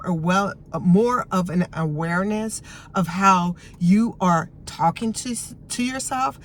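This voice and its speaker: A middle-aged woman speaks in a gentle, soothing way as a self-help coach, taking her time over every phrase. Her voice sits at an ordinary middle pitch, and a faint hiss of noise runs underneath. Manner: gentle, soothing, unhurried guidance. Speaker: behavioral health coach. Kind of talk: self-help vlog talk.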